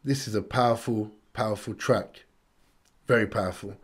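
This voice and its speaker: A man's voice: on the low side, moderate pace, husky. A British man from the UK hosting a music reaction, talking in a casual, earnest and reflective way and repeating phrases for emphasis.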